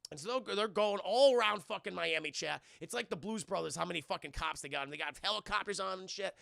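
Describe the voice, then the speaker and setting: A man's voice: high voice, fast talker, creaky, a bit bright, no room sound, clean studio sound. A man streaming live, recapping a film scene by scene in a rambling, profane way, laughing often and acting out lines.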